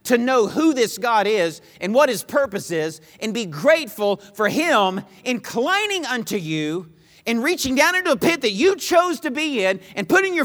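A man preaching a sermon, emphatic and repetitive, swinging between loud pleas and hushed lines. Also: extremely high pitch, long reverb tail.

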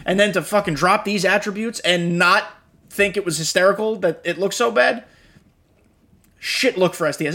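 A man's voice: high voice, sharp tone. A young man hosting a podcast, talking casually and bluntly, often swearing, and tired after a long day. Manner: blunt and profane, frustrated asides. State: tired, yawning. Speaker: podcast host. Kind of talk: casual gaming commentary.

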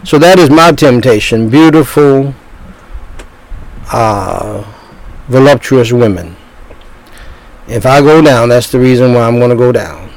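A man's voice: mid-range voice, lively intonation, unhurried, long pauses, a little mellow, rough recording. An older man in his sixties preaching a sermon as a pastor, talking in bursts with repeated words and restarts.

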